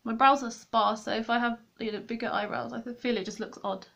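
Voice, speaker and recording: A woman's voice: a little high, steady tone, a little fast, creaky, a bit bright. A young woman chatting to viewers while she does her makeup at a desk at home, rambling and poking fun at herself. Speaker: beauty vlogger. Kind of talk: chatty get-ready-with-me vlog. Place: room at home, at a desk with a mirror.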